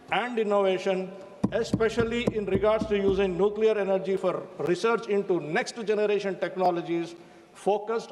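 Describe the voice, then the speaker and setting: A man's voice: high voice, darkish tone, long reverb tail. A man with an Indian English accent giving an emphatic parliamentary speech, repeatedly addressing the chair as sir. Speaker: member of parliament. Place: large debating chamber.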